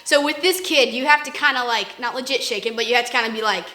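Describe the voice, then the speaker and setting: A woman co-hosts a casual faith discussion podcast, rambling and acting out examples in quoted voices. Her voice is fairly high, bright and forceful, delivered quickly with hardly any pauses, and the recording has a roomy echo.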